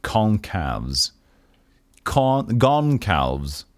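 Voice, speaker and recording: A man streaming a role-playing game, narrating its text and commenting in a relaxed way. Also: on the low side, very slow, no room sound, studio quality. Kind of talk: reading a role-playing game aloud on a livestream.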